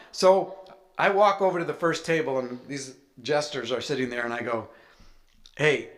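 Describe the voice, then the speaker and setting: A man's voice: fairly high pitch, a bit bright. A man, a guest author at a writers' event, telling a personal story to a live audience in a conversational way, acting out the dialogue. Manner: conversational, acts out dialogue in his stories.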